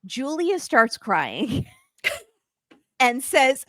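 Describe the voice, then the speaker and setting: A woman hosting a casual recap chat, telling the story with lively acted-out quotes and free swearing. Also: medium pitch, unhurried, no echo, clean studio sound. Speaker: podcast host.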